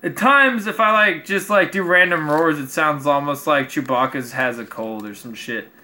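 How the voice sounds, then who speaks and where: Rambling, profane man with a bright voice. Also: on the high side, moderate pace. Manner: rambling, profane, self-mocking. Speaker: crafting vlogger. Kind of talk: rambling casual chat while building.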